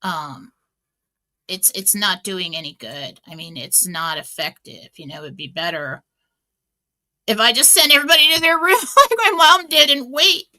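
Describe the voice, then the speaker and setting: A woman's voice: medium pitch, expressive, normal speed, bright, forceful tone. A middle-aged woman hosting a radio talk show, telling stories in a chatty way, full of fillers and restarts. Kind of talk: casual inspirational talk.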